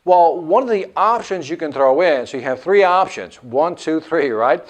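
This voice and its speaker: A man teaching a sales lesson in an animated way, acting out what the customer thinks. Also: fairly high pitch, moderate pace, muffled recording. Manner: animated, acts out customer lines. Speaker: sales instructor. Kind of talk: instructional lecture.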